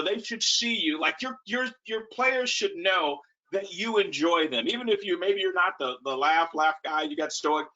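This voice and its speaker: A man who coaches, telling animated stories in a casual webinar talk. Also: fairly high pitch. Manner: animated storytelling. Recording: muffled lo-fi call audio.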